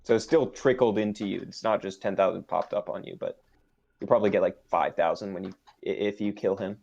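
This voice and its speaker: GM role: man running a tabletop game, halting explanations, muffled lo-fi stream sound. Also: lowish voice, fairly even intonation, creaky, a little mellow. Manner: hesitant, explaining rules. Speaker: game master. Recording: dull lo-fi stream audio.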